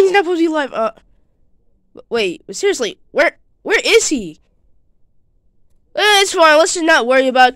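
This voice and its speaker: Excitable high-voiced woman narrating toy play. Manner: excitable, bickering with itself, quick changes of voice. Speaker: channel host.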